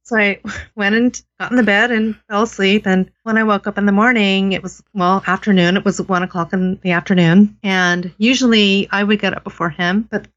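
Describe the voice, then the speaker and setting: Woman guest rambling thru a story on a skype call, muffled lo-fi sound, mid pitch. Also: steady tone, moderate pace, fairly bright tone. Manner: rambling, restarts often. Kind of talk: casual storytelling.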